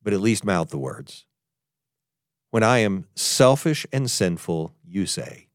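A man delivers a podcast sermon in an earnest, heartfelt way. His pitch sweeps up and down with feeling as he shifts between emphatic lines and hushed ones. The recording is dry and close, with no room sound. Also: sing-song, takes it slowly, dry recording. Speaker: pastor.

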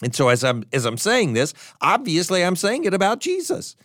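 Animated preacher with lively pitch. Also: male voice, normal speed, no room sound, clean studio sound. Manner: animated, emphatic, with stumbles and restarts. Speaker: pastor. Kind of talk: sermon.

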